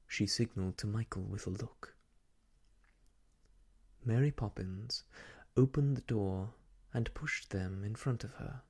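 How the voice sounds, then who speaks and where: A man reading a children's classic aloud in a gentle, hushed, half-whispered ASMR style. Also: fairly low pitch, measured pace. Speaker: storyteller. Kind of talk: soft-spoken ASMR story reading.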